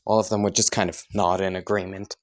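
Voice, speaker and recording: A man's voice: sits low, little pitch movement, fast. A man casually improvising and rambling through a fan story, full of fillers and side comments. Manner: rambling, giggly, lots of "like".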